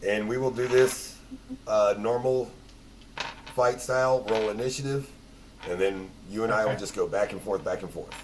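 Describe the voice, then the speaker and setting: Male game master, low voice, casual hesitant narration, faint room noise. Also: moderate pace. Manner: loose, hesitant narration with restarts.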